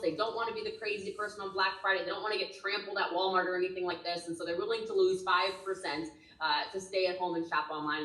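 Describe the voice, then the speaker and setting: A woman's voice: mid-range voice, pushed and bright, reverberant, far from the mic, low-quality recording. A woman coaching network marketers with emphatic, urgent, punchy delivery. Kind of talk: energetic webinar teaching.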